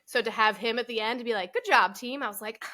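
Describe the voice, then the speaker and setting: A woman's voice: a little high, fairly even intonation, fast talker, pushed and bright. A woman co-hosting a casual business podcast, chatty and self-deprecating, laughing often. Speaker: podcast co-host. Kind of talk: casual chat.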